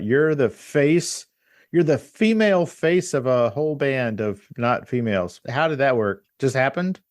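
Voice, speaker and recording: A woman hosting a podcast, asking questions in a lively, curious way and laughing easily. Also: deep voice, no echo, clean studio sound. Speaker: podcast host. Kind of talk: casual interview chat.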